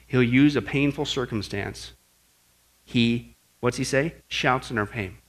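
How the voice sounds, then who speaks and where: A male pastor giving a lively teaching sermon, asking the congregation questions and acting out what God says. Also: on the high side. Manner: animated, asks the crowd questions, acts out God's voice.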